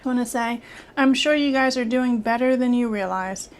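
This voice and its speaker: A middle-aged woman talking from the heart to her viewers in a personal vlog, halting and earnest, often restarting and close to tears at times. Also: a little high. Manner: earnest, halting, with many restarts and soft laughs. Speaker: art YouTuber and children's author. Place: home studio with painting behind.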